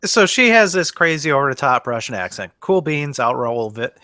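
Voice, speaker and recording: A man's voice: medium pitch, big pitch swings, fairly quick, bright, forceful tone, dry recording, studio quality. A man co-hosting a podcast, making wry, sarcastic remarks in casual chat. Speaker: podcast co-host.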